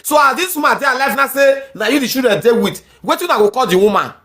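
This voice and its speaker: Her high-pitched voice is fast, expressive, and fairly bright. Speaking with a Nigerian accent, she delivers a furious social media rant, blending pidgin and English and repeating herself a lot.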